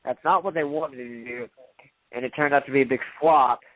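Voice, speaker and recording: A man's voice: medium pitch, brisk, dry recording. A man co-hosting a casual radio talk show, telling stories in a rambling way and correcting himself as he goes. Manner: rambling, self-correcting storyteller. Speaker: podcast co-host. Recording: tinny phone-like radio audio.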